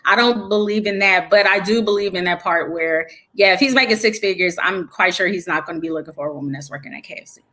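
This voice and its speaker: A woman's voice: on the low side, fast, hardly any pauses, bright, forceful tone. A woman who is a guest on a casual podcast chat, speaking candidly, with many restarts and fillers.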